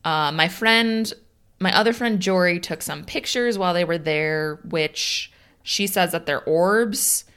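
A co-host on a casual podcast, this Illinois woman has a Chicago accent and a smooth voice that's on the low side, fairly bright, and a little slow. She chats, laughs easily, reads a listener's story aloud, and keeps her replies short and dry.

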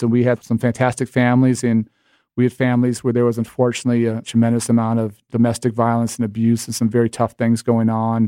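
Middle-aged man, interview guest, earnest and measured, dry close sound. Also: mid-range voice, warm tone, dry recording. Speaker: interview guest, education leader. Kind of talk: conversational interview.

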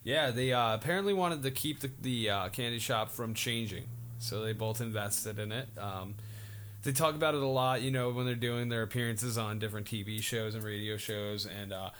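A man's voice: on the low side, fairly even intonation, moderate pace, a bit bright. A man co-hosting a casual podcast, recapping TV shows in a laid-back way with lots of fillers. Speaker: co-host.

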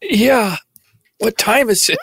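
A man's voice: high voice, animated, fairly bright tone, breathy edge, no echo, studio quality, heavily acted. A man playing a groggy hungover doctor. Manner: slow, confused, just woken. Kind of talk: improv comedy.

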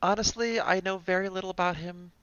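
A man's voice: high voice, fairly even intonation, brisk, fairly bright tone, smooth, dry recording, highs cut off. A man voicing a guarded young woman thief who answers with hesitant, dry evasions.

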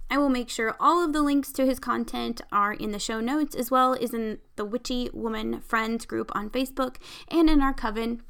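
A young woman hosts her podcast in a relaxed, chatty way. She giggles, leans on fillers, and swears casually while poking fun at herself. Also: on the high side, clear, resonant tone. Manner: swears casually, self-mocking. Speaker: podcast host. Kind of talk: casual chat, tarot card pull.

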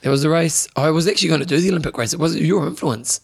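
A man's voice: on the high side, very fast, gravelly, husky. A man co-hosting a podcast in rambling casual chat, laughing often. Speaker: podcast co-host.

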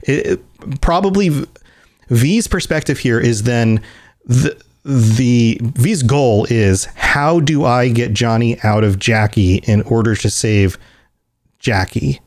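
Taking his time, a man with a mid-range voice shares a game story casually. He's an animated teller who often starts over and plays out the characters' quoted lines.

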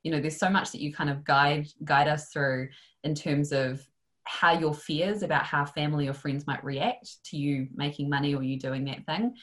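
A woman's voice: sits low, normal speed, a bit bright. A woman, a coaching client, reflecting thoughtfully on her family as an interview guest.

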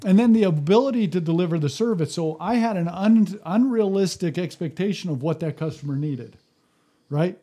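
A former fire service leader swaps stories from the job in a casual podcast conversation, frequently restarting his sentences and acting out the people he quotes. His voice is high-pitched, warm and husky, with lively intonation at a normal speed.

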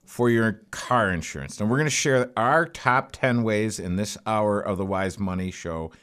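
A man's voice: lowish voice, moderate pace, fairly bright tone, clean tone. A man co-hosting a finance talk show as a financial planner, explaining things earnestly and plainly, with frequent fillers.

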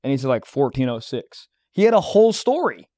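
A man's voice: mid-range voice, very animated, a little fast, mellow, dry recording, studio quality. A young man co-hosting a comedy podcast, riffing in a brash, profane way. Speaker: podcast co-host. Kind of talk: crude comedy podcast banter.

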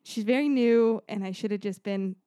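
A woman's voice: mid-range voice, normal speed, warm tone, clear, resonant tone, no echo. A woman co-hosting a podcast, telling a story casually with lots of fillers and laughs. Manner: chatty storytelling with frequent "like" and laughs. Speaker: podcast co-host.

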